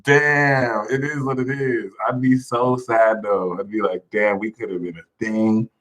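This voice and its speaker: Guy hosting a livestream, animated and jokey, laughs a lot, reads out chat names. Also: on the low side, a little slow, rough recording. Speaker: livestream host.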